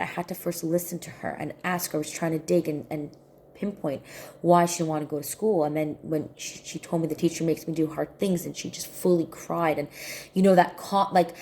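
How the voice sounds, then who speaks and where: A woman telling a personal story to camera in an earnest, soft-spoken way, often repeating her points. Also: on the low side. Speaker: healing coach.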